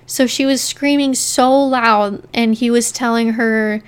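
A woman's voice: a little high, fairly even intonation, unhurried, clear, resonant tone. A woman co-hosting a podcast, casually telling a true-crime story and often saying "like" as she goes. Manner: chatty, leans on "like" while narrating.

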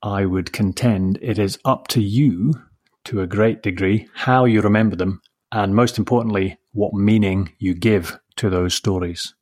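Man, podcast host, storybook narration, low voice, slow, measured, reflective. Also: fairly even intonation, darkish tone.

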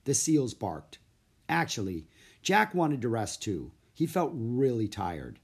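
A man reading a children's storybook aloud in an expressive, lively narration. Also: mid-range voice, slow pace, creaky, husky. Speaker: audiobook narrator.

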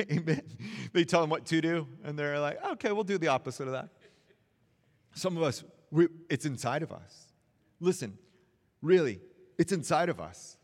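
A man's voice: on the high side, long reverb tail. A man preaching a sermon in an earnest, encouraging way, repeating phrases for emphasis. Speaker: pastor.

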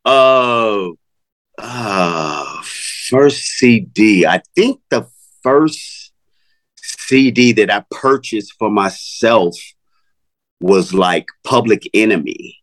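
A man's voice: fairly low pitch, expressive, drawn-out words, fairly bright tone, no echo. A man in his fifties, a music artist talking as a guest in a casual interview, laid-back and slangy, laughing often. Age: 50s.

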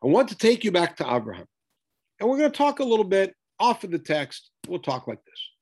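A man's voice: high voice, huge pitch swings, a little fast, darkish tone, husky. A man teaching a Bible text study, reading Hebrew verses aloud and then explaining them with emphasis.

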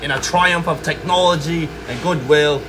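A man's voice: fairly high pitch, steady tone, moderate pace, close to an everyday voice. A man doing a chirpy mock-Aussie history teller. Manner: mock Australian accent, chuckles mid-line. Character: cheery Australian-style history teller, man. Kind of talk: mock camp announcement. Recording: air conditioning hum behind.

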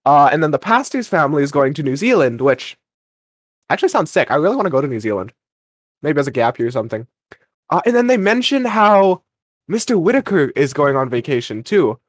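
A man's voice: a little high, very animated, a little fast, dry recording. A young man co-hosting a podcast, recapping an episode in a rambling, self-deprecating chat and briefly acting out the characters. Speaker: podcast co-host.

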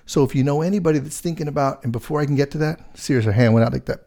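A middle-aged man, a real estate agent, telling a story in casual chat, rambling and animated with lots of fillers. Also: on the high side, racing, vocal fry.

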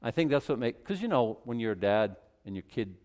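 A man's voice: mid-range voice, very animated, brisk, darkish tone. A middle-aged man pastor preaching a sermon in a conversational, folksy way, with frequent asides and repeated words.

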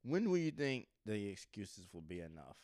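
A man's voice: lowish voice, big pitch swings, normal speed, darkish tone, no echo, clean studio sound. A man in casual chat as a podcast co-host, rambling and joking, often laughing.

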